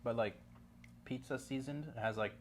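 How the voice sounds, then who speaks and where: A man's voice: medium pitch, normal speed, a little hiss or hum. A man with a West Coast Canadian accent, a guest talking in laid-back casual chat, rambling with lots of fillers.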